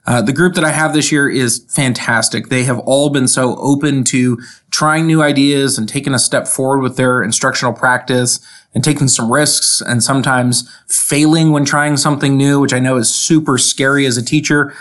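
A man's voice: medium pitch, steady tone, moderate pace, fairly bright tone. A man co-hosting a casual podcast as a tech coach, explaining steadily and with enthusiasm.

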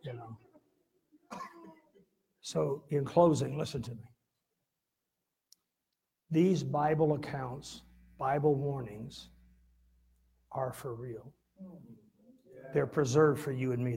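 A middle-aged pastor telling a folksy, laughing story in a sermon, with sudden loud bursts. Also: male voice, mid-range voice, fairly even intonation, slow, vocal fry, long pauses.

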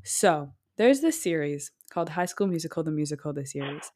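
Loud, fast-talking young woman chatting. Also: low-pitched, expressive. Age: young adult. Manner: fast-talking, goes on tangents. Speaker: podcast co-host. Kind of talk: casual chat.

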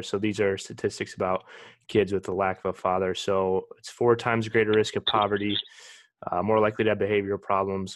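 A male host with a very deep, flat voice asks questions in a measured, hesitant, supportive manner. The sound is dry and close. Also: no room sound. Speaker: podcast host. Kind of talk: interview questions.

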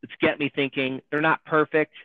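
A man co-hosting a casual chat about a TV show, firing off excited questions. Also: a little high, normal speed, no room sound. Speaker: podcast co-host. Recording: dry tinny phone-like line.

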